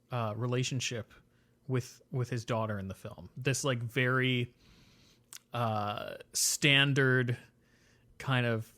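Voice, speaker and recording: A man co-hosting a podcast, talking about a film in a measured, analytical way with hesitant fillers. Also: mid-range voice, fairly bright tone. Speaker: podcast co-host. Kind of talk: casual film discussion.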